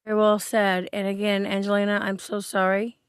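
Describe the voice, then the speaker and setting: A woman's voice: medium pitch, completely flat delivery, brisk, clean tone, dry recording, clean studio sound. A woman hosting a livestream, talking sympathetically and apologetically with her guest. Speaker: livestream host. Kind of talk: casual livestream chat.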